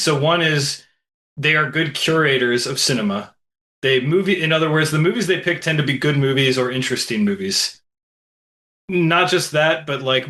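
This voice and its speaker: Male podcast co-host, bright tone, measured explainer. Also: fairly high pitch. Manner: explanatory, measured, with filler pauses. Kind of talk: casual film podcast chat.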